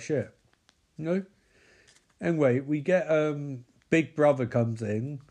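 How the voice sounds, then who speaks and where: Watching a film, a man keeps up a sardonic stream of commentary, cursing and ridiculing the characters by imitating them in silly voices. His voice runs on the high side with a darkish tone.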